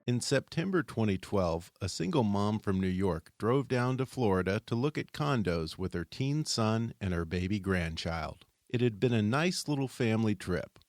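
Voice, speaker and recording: A man hosting, reading scripted narration in a measured, dramatic way. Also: lowish voice, expressive, darkish tone, soft background music. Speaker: host.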